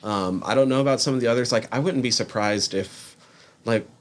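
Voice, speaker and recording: A man co-hosting a podcast, chatting in a relaxed way and swearing casually. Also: medium pitch, brisk. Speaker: podcast co-host. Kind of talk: casual chat reviewing a TV series.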